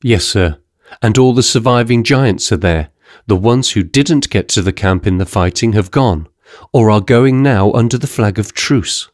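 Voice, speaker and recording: A respectful young male envoy, voiced by a man reading an audiobook speaks with careful deference. The voice sits low and sounds dry and close. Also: moderate pace, dry recording, lightly acted. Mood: grave, respectful. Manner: deferential, keeps saying sir.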